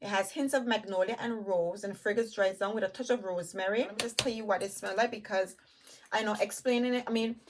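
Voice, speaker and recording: A woman's voice: medium pitch, fairly even intonation, noisy background. A woman reviewing perfumes in a chatty way, talking straight to her viewers. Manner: chatty, enthusiastic, addresses viewers as "you guys"; lists notes while smelling, with pauses and restarts. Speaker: beauty vlogger.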